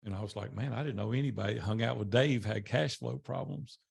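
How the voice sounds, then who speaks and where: A man's voice: fast talker, vocal fry, darkish tone, husky. An older man tells his life story to a small group in a conversational way, voicing the people he quotes. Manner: conversational, acts out quoted dialogue with rising pitch.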